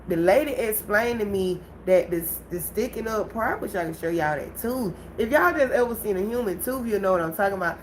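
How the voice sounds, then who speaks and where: A woman hosting a casual livestream, telling a story to her viewers in an animated way and laughing often. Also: medium pitch, a little fast, hardly any pauses, slight background noise, poor audio. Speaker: livestream host.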